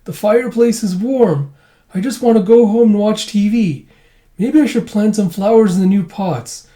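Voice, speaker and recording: A rambling, confused old man in a comic-book reading , voiced by a man. His voice sits high and thin yet mellow, and he trails off and mumbles as he searches for his words. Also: moderate pace, lightly acted. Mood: doddering. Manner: doddering, mumbling.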